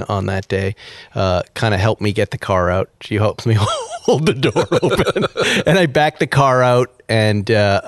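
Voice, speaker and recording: A man's voice: on the low side, creaky, clean tone, dry recording, clean studio sound. A man hosting a podcast, telling a casual story with energy and acting out the people and sounds in it. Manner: animated anecdote-telling, acts out dialogue and beeps. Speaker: podcast host.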